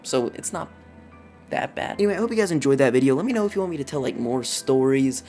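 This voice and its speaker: An excitable teenage boy rambles through a storytime vlog at a medium pitch, packing in "like" as he goes. Faint music plays softly underneath his voice. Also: fast talker. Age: teens. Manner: excitable, rambling, heavy use of "like". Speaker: vlogger.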